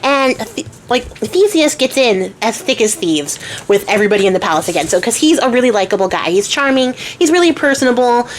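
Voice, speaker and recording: A woman's voice: a little high, animated, brisk. Chatty young woman retelling a myth. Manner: slangy, chatty, swears, acts out voices. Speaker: storyteller.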